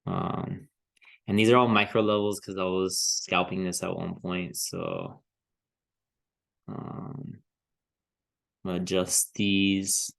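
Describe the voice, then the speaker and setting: Slow, gravelly-voiced man thinking aloud. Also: low voice, expressive, fairly bright tone. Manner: hesitant, thinking aloud with fillers and restarts; easygoing, chuckles to himself. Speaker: crypto trading vlogger. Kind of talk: casual chart analysis commentary.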